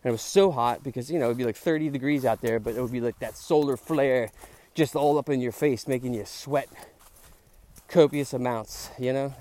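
A man's voice: medium pitch, normal speed, dark tone. A middle-aged man, a podcast host rambling casually as he walks a park trail. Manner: rambling, chatty, says "dude" and "like" a lot. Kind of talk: casual walk-and-talk monologue.

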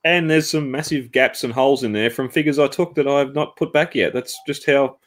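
A man's voice: mid-range voice, fairly even intonation, a little fast, fairly bright tone. A man, a regular on a podcast, talking in an easygoing, laughing way. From Australia. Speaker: podcast co-host. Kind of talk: casual podcast chat. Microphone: video call.

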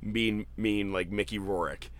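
A man hosting a casual podcast chat, retelling jokes with excited, profane laughter. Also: fairly low pitch, slow, no echo. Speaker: podcast host. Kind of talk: casual chat recapping an event.

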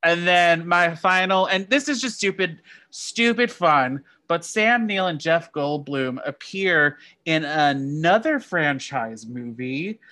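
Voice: mid-range voice, animated, takes it slowly, hardly any pauses, sharp tone, no echo. A podcast co-host sharing movie trivia in casual chat, often restarting sentences and correcting themselves. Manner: rambling, self-correcting delivery.

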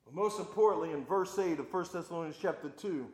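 A man in his thirties preaching a sermon, emphatic and folksy, swinging from loud declarations to hushed talk, in a roomy echoing hall. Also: fairly high pitch, quick pace.

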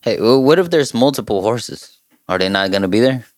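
A man co-hosting a casual podcast, teasing and quick to laugh. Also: on the low side, expressive, no echo, clean studio sound. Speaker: podcast co-host.

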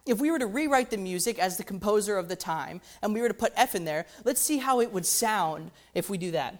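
A woman's voice: medium pitch, animated, fairly quick, hardly any pauses, faint music behind. A woman teaching how a hymn's melody works, talking conversationally, often checking in with "right?" and musing "interesting.". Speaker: music teacher.

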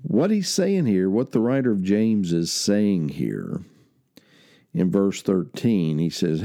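A man's voice: lowish voice, big pitch swings, measured pace, dark tone. A man with a West Virginian accent preaching a sermon in a folksy, conversational, homespun way.

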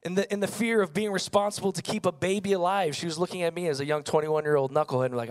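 A man's voice: high-pitched, steady tone, quick pace. A young man preaching a sermon, telling a personal story with earnest rhetorical questions. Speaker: pastor.

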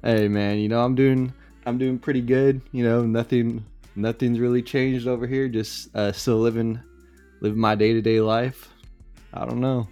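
A young man co-hosting a podcast in a relaxed, slangy way. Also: medium pitch, moderate pace, faint music behind. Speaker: podcast co-host. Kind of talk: casual chat.

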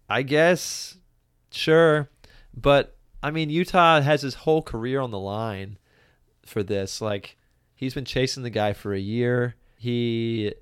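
Give me a man with a fairly low voice and dry, close sound, chatting through a movie review and laughing often. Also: dry recording. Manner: laughs often, acts out characters' lines. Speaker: podcast co-host. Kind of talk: casual movie review chat.

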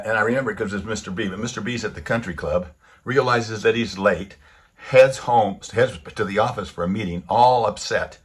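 Husky-voiced man telling lively stories. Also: fairly low pitch. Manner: animated storyteller who acts out the quotes. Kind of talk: storytelling sermon.

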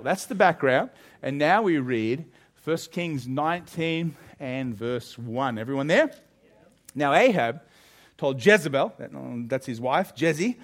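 A male pastor preaching a sermon, telling a story in a lively way and asking his listeners questions. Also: on the high side.

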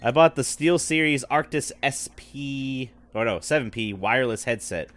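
A man's voice: medium pitch, steady tone, moderate pace, fairly bright tone. A man co-hosting a casual podcast chat on a headset mic in an office, talking loosely with frequent swearing and laughs. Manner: loose and profane, laughs often. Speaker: podcast co-host. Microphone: wireless headset.

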